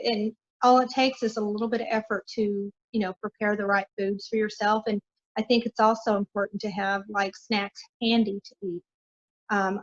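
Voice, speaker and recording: A woman's voice: a little high, lo-fi sound. A middle-aged woman guest on a podcast, talking in an earnest, encouraging way with lots of fillers. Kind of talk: casual interview talk.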